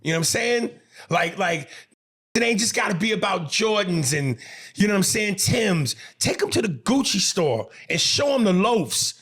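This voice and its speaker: A gravelly, husky man with a New York accent, talking on a podcast in a loose, profane, emphatic way. His pitch runs a little high and swings widely as he rants and restarts his sentences. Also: very animated, normal speed, fairly bright tone. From New York City. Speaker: podcast co-host. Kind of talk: casual podcast chat.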